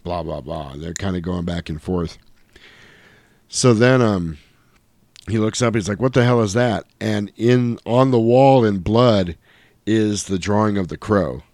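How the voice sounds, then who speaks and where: Deep-voiced man recapping a movie. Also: unhurried, no echo. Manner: animated retelling, acting out characters' lines. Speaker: podcast host. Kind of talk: casual movie recap chat.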